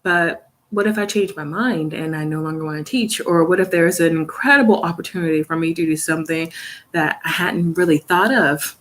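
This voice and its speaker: A woman's voice: sits low, brisk, fairly bright tone. A young woman chatting casually on a phone live stream from her studio, rambling with fillers and easy laughs. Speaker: vlogger, English teacher in South Korea. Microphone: phone camera.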